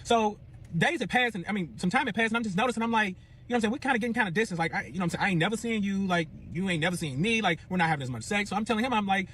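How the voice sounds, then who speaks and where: Fast-talking, profane storytelling man. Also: high voice, a little hiss or hum. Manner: animated, profane, swings to yelling and back. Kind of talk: casual storytelling.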